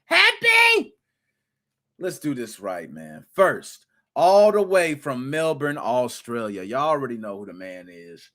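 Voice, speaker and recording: A man hosting a live gaming podcast, giving playful, hyped-up shout-outs to his chat with slang and rhymes. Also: mid-range voice, very animated, measured pace. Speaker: podcast host.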